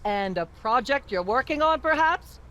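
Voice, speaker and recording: A pompous middle-aged talk-show host in a game. Her voice sits high and drips with haughty condescension. She drones on in long, self-satisfied tirades. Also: expressive, normal speed, bright, forceful tone. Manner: haughty, droning, endlessly ranting.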